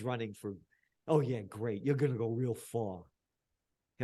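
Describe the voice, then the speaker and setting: An older man, an interview guest talking in an impassioned, ranting way that swings from low talk to shouting. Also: a little slow, pauses often. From the Bronx, New York. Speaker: interview guest, trend forecaster.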